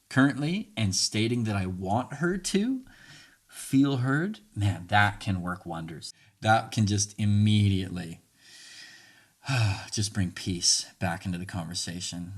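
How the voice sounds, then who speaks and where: A man's voice: on the low side, breathy edge. A man hosting a podcast, earnestly teaching communication tools and acting out sample dialogue. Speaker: podcast host. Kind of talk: casual teaching monologue.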